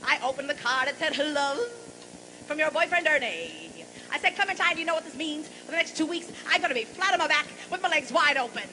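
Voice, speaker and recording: This high-voiced, brassy stand-up comedian and singer is expressive and fast, salty and mock-forgetful through bawdy stage jokes. The rough recording comes from a large, boomy live venue with loud crowd noise constantly underneath.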